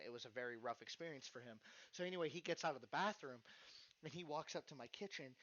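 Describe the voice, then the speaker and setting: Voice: mid-range voice, sharp tone. A podcast host telling a story in casual chat, acting out the voices and swearing freely. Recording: dull lo-fi podcast recording.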